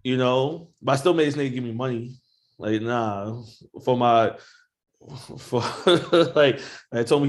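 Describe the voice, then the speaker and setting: A man chats in a laid-back, profane way at a mid pitch. He laughs easily and drags his phrases out, sometimes trailing off quietly. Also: unhurried. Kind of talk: casual chat.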